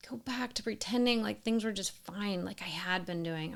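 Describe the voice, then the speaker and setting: Earnest woman with vocal fry. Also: medium pitch, moderate pace. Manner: earnest, emphatic, with soft whispered asides. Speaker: storyteller sharing a personal experience. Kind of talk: scripted personal narration.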